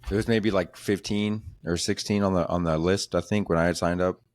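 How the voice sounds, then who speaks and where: A young man hosting a podcast, chatting casually, swearing and rambling through a story while putting on quick voices for other people. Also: low-pitched, fairly even intonation, no echo. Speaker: podcast host and comedian. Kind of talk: casual chat.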